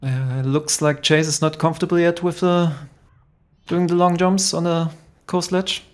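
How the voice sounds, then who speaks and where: Chatty higher-voiced man commentating. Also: normal speed, smooth. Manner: relaxed, chatty, greets chat. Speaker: tournament commentator. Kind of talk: casual live game commentary.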